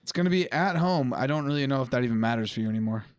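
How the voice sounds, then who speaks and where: A man co-hosting a casual sports podcast from a home studio, quick and joking, steering the talk with questions. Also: mid-range voice, lively intonation, no echo. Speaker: podcast co-host.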